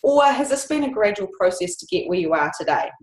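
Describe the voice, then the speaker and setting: A woman's voice: mid-range voice, sing-song, a little fast, roomy sound, poor audio. A woman hosting an interview, talking reflectively and candidly, with frequent ums. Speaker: podcast host. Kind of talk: conversational interview.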